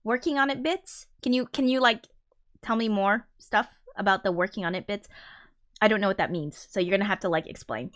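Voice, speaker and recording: A woman's voice: mid-range voice, fairly quick, a bit bright. Rambling woman chatting on a live stream. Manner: rambling, lots of fillers and swearing; reads viewer comments aloud. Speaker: musician streamer. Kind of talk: casual live-stream chat.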